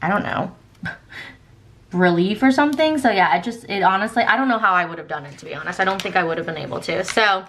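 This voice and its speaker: A woman's voice: medium pitch, fast talker, a bit bright. A woman vlogger with a Southern American accent, telling a long story in casual, chatty talk full of fillers, acting out what others said. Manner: chatty, many fillers, quotes others in dialogue. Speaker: planner vlogger. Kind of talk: casual storytelling while planning.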